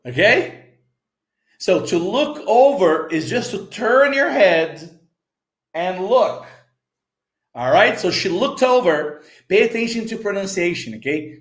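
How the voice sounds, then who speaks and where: Slow, lively Brazilian English teacher. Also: male voice, high voice, reverberant. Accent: Brazilian Portuguese. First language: Portuguese. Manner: slow, repeats phrases, checks in with "okay?" and "right?". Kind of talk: explaining a story lesson.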